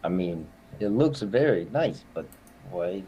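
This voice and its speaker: A man's voice: deep voice, animated, a little slow, dark tone, breathy edge, highs cut off. A man playing a tabletop role-playing game, speaking in character and narrating his actions. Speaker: tabletop player.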